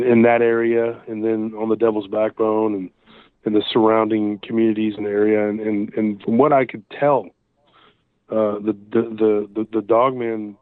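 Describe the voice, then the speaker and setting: A man's voice: lowish voice, dry recording. A man guest telling encounter stories in casual, rambling speech full of restarts and fillers, heard through a phone call. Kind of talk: casual storytelling over the phone. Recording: tinny dry phone line.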